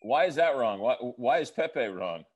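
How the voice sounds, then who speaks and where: A man's voice: mid-range voice, lively intonation, measured pace, lo-fi sound. A man co-hosting a podcast, telling earnest stories in casual chat and making fun of himself. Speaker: podcast co-host.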